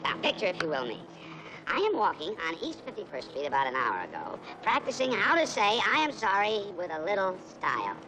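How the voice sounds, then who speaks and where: A grandiloquent wisecracking writer. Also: male voice, a little high, huge pitch swings, a little fast, creaky, sharp tone, full character voice. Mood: playful. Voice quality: grandiloquent, mock-storytelling. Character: whimsical wisecracking unemployed male writer. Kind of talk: 1960s film acting. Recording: noisy old film soundtrack.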